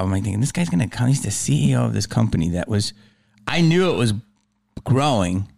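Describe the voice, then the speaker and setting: Animated, excitable male podcast host. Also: medium pitch, brisk, gravelly. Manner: excitable, animated, loose and joking. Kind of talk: casual interview chat.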